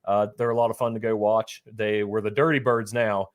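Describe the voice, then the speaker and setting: A man's voice: on the low side, flat delivery, brisk. A man co-hosting a sports podcast, telling a casual story with lots of fillers, restarts and laughter. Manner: laid-back storyteller, laughs often, many fillers and restarts. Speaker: podcast co-host. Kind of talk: casual chat.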